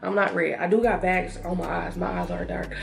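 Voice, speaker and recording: A young woman vlogger chatting to her viewers while doing her makeup, telling a story in an animated way and acting out what people said. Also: lowish voice, fairly quick, creaky, faint music behind. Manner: animated, talks to viewers as y'all, acts out quotes. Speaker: beauty vlogger.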